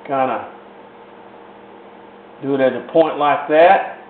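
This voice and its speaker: A folksy man walks through a painting lesson at an unhurried pace, circling back with the same little phrases. His voice comes through a tinny, phone-like recording in an echoey room with a faint hiss behind him. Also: medium pitch. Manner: folksy, rambling, repeats "in other words". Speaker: painting instructor. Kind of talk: step-by-step painting demonstration.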